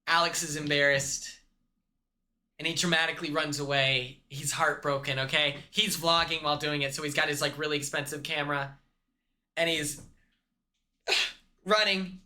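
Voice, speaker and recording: A man's voice: a little high, fairly even intonation, normal speed, long pauses, bright, forceful tone. A man hosting a comedic movie recap, rambling and acting out the characters' lines himself. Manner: rambling, acts out characters in quotes. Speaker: host.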